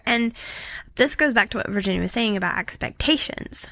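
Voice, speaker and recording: A woman co-hosting a faith podcast in casual chat, animated and acting out quotes as she talks. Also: fairly high pitch, fairly quick, gravelly, no echo. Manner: animated, acts out quotes in voices. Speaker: podcast co-host.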